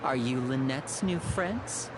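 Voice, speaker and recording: A man's voice: mid-range voice, expressive, takes it slowly, loud music behind the voice. A woman voicing a charming young man in a video game, courteous and a little theatrical. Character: charming young male stage magician, polite and smooth.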